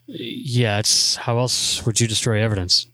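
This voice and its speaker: A laid-back man co-hosting a casual podcast, trading deadpan jokes. His voice sits in an ordinary middle pitch for a man. The recording is dry and close. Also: a little slow, no echo. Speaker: podcast co-host.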